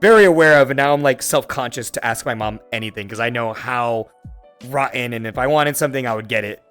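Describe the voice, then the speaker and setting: A man's voice: mid-range voice, a little fast, a bit bright, clean tone, faint music behind. A man in his twenties from Florida hosting a podcast, telling a long, rambling story full of swearing and fillers. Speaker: podcast host. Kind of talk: casual chat.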